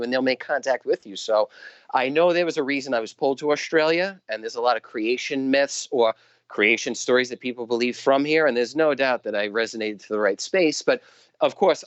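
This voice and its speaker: New York man, fast and animated storyteller, dry dull line. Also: mid-range voice, no echo. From Brooklyn, New York. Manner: animated storyteller, laughs often. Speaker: guest. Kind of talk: casual interview chat.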